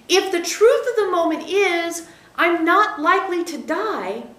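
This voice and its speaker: A woman with a high, bright-pitched voice gives a channeled spiritual teaching to a small group. She explains step by step in a measured tone, speaking as "we" and pausing to check understanding. The recording has a roomy echo.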